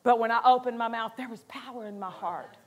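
A woman's voice: on the high side, a little fast, darkish tone. A woman pastor preaching a sermon in a conversational way, acting out quotes and laughing between points.

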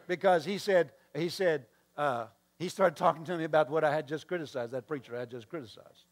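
A man's voice: on the high side, a little fast. A male pastor preaching a sermon, telling a story with acted-out dialogue and asides to the congregation.

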